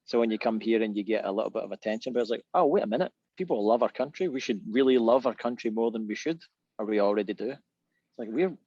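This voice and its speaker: A man's voice: fairly low pitch, vocal fry, a little mellow, dry recording. A Scottish man chatting as a guest musician on a video panel, talking in a rambling way and laughing often. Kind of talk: casual video panel chat. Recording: dull dry video call audio.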